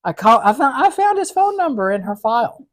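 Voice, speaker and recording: A woman chatting casually about her work and acting out everyone in the story. Her pitch swings widely as she imitates people, and she often breaks into laughter at the punchlines. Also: big pitch swings, a little fast. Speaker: corrections officer and co-host.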